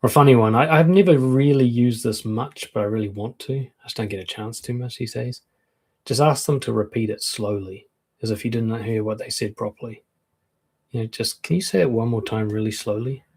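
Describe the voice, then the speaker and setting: A man's voice: fairly low pitch, darkish tone, breathy edge. A man coaching on relationships in a live-streamed talk, frank and conversational, acting out quoted comebacks.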